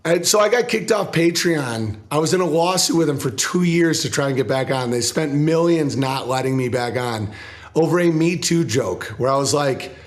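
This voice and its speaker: A comedian talking casually in an interview, rambling, swearing, and acting out other people's voices. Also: male voice, lively intonation, normal speed. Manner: profane, rambling, acts out quoted people in lower voices. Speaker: comedian guest.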